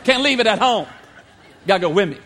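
A man preaching a sermon as a pastor, retelling the story in a conversational, animated way with humorous asides. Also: high-pitched, fairly quick, a faint crowd. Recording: long hall reverb.

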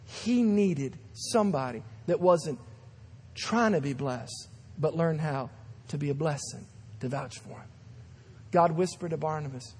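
A man's voice: a little high, darkish tone, slight background noise. A man in his thirties preaching a sermon as a guest pastor, telling stories dramatically with acted-out voices. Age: 30s. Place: large church sanctuary. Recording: long hall reverb.

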